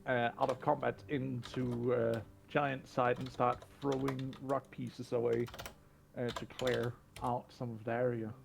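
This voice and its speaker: A man narrating as game master, slow and hesitant with many fillers. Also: medium pitch, level tone, vocal fry, noisy background.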